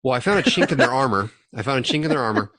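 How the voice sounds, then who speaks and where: A man's voice: medium pitch, big pitch swings, rapid-fire, bright, forceful tone, no room sound, studio quality. A young man hosting a podcast, telling a rambling, profanity-laced story and laughing as he goes. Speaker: podcast host. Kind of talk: casual chat.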